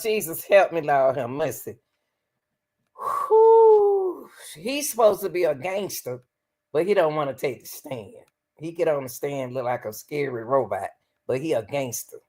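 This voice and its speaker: A woman hosting a live-stream reaction commentary, exclaiming and laughing often. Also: a little slow. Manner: exclaims and laughs often, animated pitch, calls on the Lord. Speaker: commentary show host.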